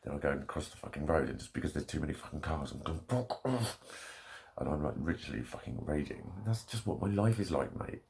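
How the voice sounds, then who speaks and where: A man's voice: a bass voice, fast talker, gravelly, few pauses, a little mellow, a little hiss or hum. A man delivering an angry, swear-filled vlog rant straight to the camera. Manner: heavy swearing, angry ranting. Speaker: vlogger. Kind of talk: ranting monologue.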